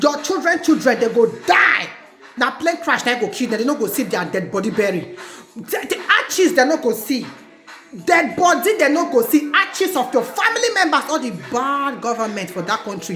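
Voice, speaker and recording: A woman's voice: sits high, big pitch swings, normal speed, a bit bright. A Nigerian woman living in Italy, ranting angrily and chanting slogans over and over in a protest vlog. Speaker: vlogger. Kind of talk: angry protest rant. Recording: echoey room with music playing.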